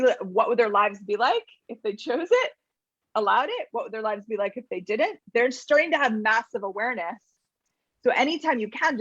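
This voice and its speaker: A woman's voice: on the high side, breathy edge, no room sound. A middle-aged woman speaking as a guest in casual conversation, chatty and full of "like," often acting out what people say. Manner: chatty, many "like"s, acts out quotes. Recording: slightly dull video call audio.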